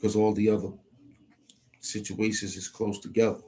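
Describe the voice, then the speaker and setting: A man's voice: lowish voice, little pitch movement, moderate pace, dark tone, slightly rough. A man rambling to himself as he thinks aloud, often hesitating, repeating himself and restarting.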